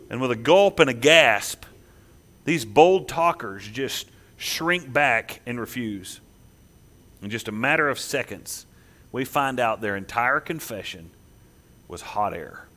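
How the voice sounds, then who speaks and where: A man preaching a sermon, emphatic, swinging between loud declarations and hushed asides. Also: medium pitch. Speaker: pastor.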